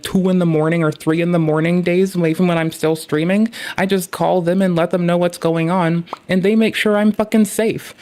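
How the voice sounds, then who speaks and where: A woman's voice: lowish voice, darkish tone. Woman streamer, casual reaction commentary, sarcastic and sweary, rambling delivery.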